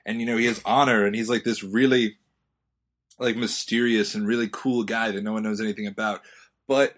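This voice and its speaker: A young man co-hosting a casual chat, rambling and jokey with excitable bursts. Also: on the low side, a little fast. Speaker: podcast co-host.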